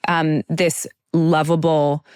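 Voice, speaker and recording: A woman's voice: deep voice, flat delivery, slow, darkish tone, smooth, no room sound, studio quality. A woman hosting a casual interview, asking enthusiastic, rambling questions full of "like". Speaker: podcast host.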